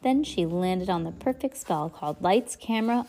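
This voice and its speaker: A woman reading a children's chapter book aloud at home, expressive and chatty, with playful asides to a young listener. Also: fairly low pitch, normal speed, few pauses. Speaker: reader of children's books.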